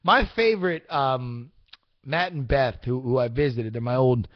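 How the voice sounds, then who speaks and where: A young man hosting a casual live-streamed podcast, answering chat with rambling, profane, excitable rants. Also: mid-range voice, measured pace, no room sound, lo-fi sound. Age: young adult. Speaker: podcast host.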